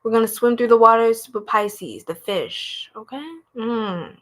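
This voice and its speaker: A woman's voice: fairly high pitch, a little slow, a bit bright. A young woman, doing a live tarot reading in a playful, goofy, slangy way and laughing often. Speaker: tarot reader.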